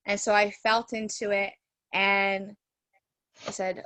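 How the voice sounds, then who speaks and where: She is a woman who teaches Reiki and speaks on a webinar from home through a video call. Her talk is loose and chatty, peppered with "like" and "you know." The sound is close and dry, at an ordinary middle pitch. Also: level tone, unhurried, pauses often, pushed and bright, no echo. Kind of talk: casual storytelling in a webinar.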